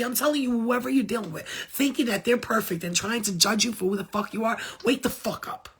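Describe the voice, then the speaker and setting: Woman healer preaching at the camera, husky breathy voice, swears a lot, hammers her points home. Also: a little high, brisk, few pauses. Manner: blunt, emphatic, swears freely; preachy, repeats phrases for emphasis. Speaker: spiritual healer. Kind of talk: impassioned spiritual talk to viewers.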